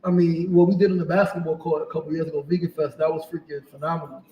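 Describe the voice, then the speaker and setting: Candid man in his forties, high voice. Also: level tone, fast talker, roomy sound, recorded from a distance, lo-fi sound. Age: 40s. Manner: emotional, open, candid storytelling. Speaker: podcast host. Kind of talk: casual interview conversation.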